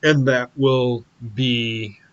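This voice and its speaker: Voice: mid-range voice, steady tone, very slow, clear, resonant tone. A co-host rants bluntly about wrestling, swearing freely in loose, casual talk. The recording sounds a little dull and lo-fi. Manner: profane, blunt opinions. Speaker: podcast co-host.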